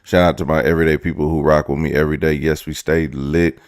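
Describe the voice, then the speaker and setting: A man's voice: very deep voice, level tone, quick pace, no echo, studio quality. A man hosting a casual commentary video, chatting in slang and firing off rhetorical questions to his viewers. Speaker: host.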